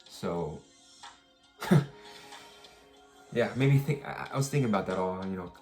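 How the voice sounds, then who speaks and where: A young man with a deep, low voice vents casually to his camera. He circles back and restarts his sentences, swearing as he retells the story. Faint music plays underneath. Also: lively intonation, a little slow, a little mellow. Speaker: vlogger.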